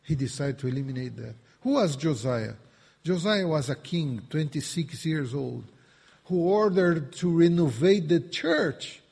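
Slow, mellow-voiced man preaching in a hall. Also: fairly high pitch, animated, creaky, slightly rough. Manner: emphatic, repetitive preaching with rising bursts. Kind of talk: sermon. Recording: reverberant hall.

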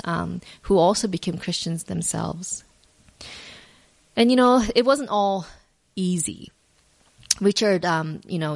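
Woman podcast host; earnest, reflective devotional storyteller, loose and unscripted. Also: fairly low pitch. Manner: earnest, reflective, with fillers and restarts.

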